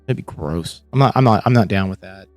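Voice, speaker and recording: A man's voice: lowish voice, lively intonation, a little fast, darkish tone, no room sound, soft background music. A man hosting a livestream, giving casual, rambling reaction commentary with lots of swearing and restarts. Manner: rambling, profane, restarts often. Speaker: livestream host.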